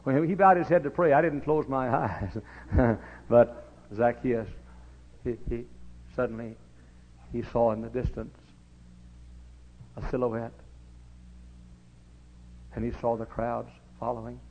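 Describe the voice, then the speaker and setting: A gravelly, husky-voiced preacher tells a Bible story in a folksy manner and then rises into shouted exhortation. The sound is dull and lo-fi, like an old recorded sermon. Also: male voice, medium pitch, fairly even intonation, takes it slowly, long pauses. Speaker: pastor.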